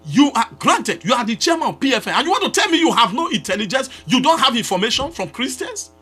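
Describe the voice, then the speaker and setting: A man who is a Nigerian pastor, giving a fiery, accusatory live address with a Nigerian English accent. He repeats his demands and often breaks into shouting. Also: very high-pitched, very animated, fast talker, breathy edge, soft background music.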